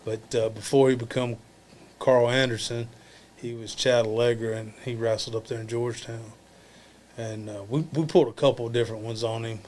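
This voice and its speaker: A man's voice: mid-range voice, brisk, a little hiss or hum. A man guesting on a podcast, a former wrestler telling profane backstage stories with lots of swearing. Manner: crude, swearing and animated, laughs at his own tales.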